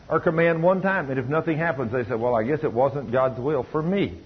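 A man's voice: mid-range voice, a little fast, slightly rough. Preacher man, dull lo-fi sermon tape. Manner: preaching with quoted dialogue, rising to emphatic peaks.

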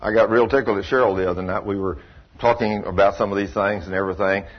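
A man's voice: lowish voice, steady tone, quick pace. A man preaching a sermon in a folksy, storytelling way with emphatic asides. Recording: dull lo-fi recording.

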